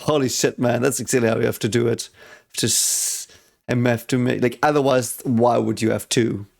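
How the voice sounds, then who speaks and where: A man hosting a reaction video, talking casually and excitedly, swearing often and thinking aloud. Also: mid-range voice, moderate pace, creaky.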